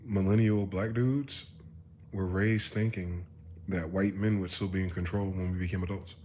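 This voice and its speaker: A man in his thirties with a lowish voice rambles through a casual live-stream monologue. His talk is loose and profane, sinking to quiet musing and then climbing to loud ranting. Faint room noise sits behind him. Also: fairly even intonation, moderate pace.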